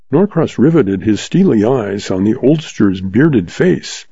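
Low, mellow male audiobook narrator. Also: expressive, unhurried, creaky, hardly any pauses, slightly rough, no echo. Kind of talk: scripted narration of a western novel. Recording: dull lo-fi dry recording.

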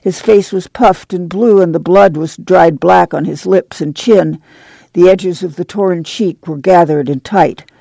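Audiobook reader, gravelly dark voice, steady measured narration. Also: medium pitch, no echo.

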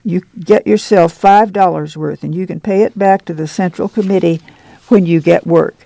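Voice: mid-range voice, steady tone, moderate pace, creaky, dark tone, dry recording, close to an everyday voice. A reader voicing a stern middle-aged woman who runs a camp committee, scolding in a rural drawl. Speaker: reader doing character voices. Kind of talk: audiobook reading.

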